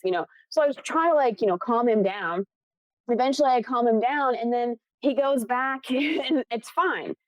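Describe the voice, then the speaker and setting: Animated young woman telling a story. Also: a little high, normal speed, no room sound. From Buffalo, New York. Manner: animated, acts out quoted voices, laughs often. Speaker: film assistant director, podcast guest. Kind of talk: casual storytelling interview.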